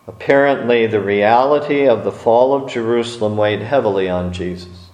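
A man's voice: lowish voice, a little mellow. Man preaching in an echoey room. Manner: slow, dramatic pauses, acts out quotes. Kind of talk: sermon.

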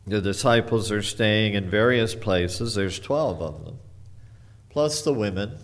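A man preaching at an unhurried, deliberate pace, his voice sitting fairly low. He retells scripture as a reflective story, pausing to muse aloud to his congregation. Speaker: pastor. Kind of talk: sermon.

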